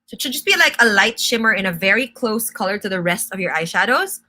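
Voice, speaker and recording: A young woman talks through a makeup tutorial on a live stream. Her voice is crisp and bright at an ordinary pitch. She explains each step in a chatty, instructive way and answers viewer questions as she goes. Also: sing-song, fast. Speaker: makeup brand host.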